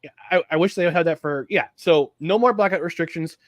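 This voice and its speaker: A fairly high-pitched man from upstate New York, talking sports in a loose, animated way and often starting his sentences over. His voice is recorded close and dry, with no room sound at all. He sounds like one of the regular hosts of a sports chat show. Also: fairly quick, no echo, dull audio. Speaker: podcast co-host.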